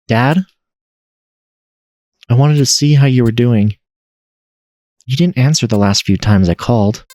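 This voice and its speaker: A man's voice: medium pitch, unhurried, darkish tone, no room sound, voice pushed up, close to an everyday voice. A man voicing a worried young adult daughter in a game, pleading with her father through tears. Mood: concerned.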